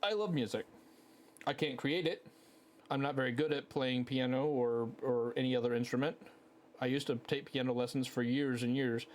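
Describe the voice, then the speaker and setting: A man's voice: medium pitch, steady tone, normal speed. Rambling profane man podcasting. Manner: rambling, profane, self-mocking. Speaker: podcast host. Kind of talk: casual solo podcast storytelling. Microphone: headset.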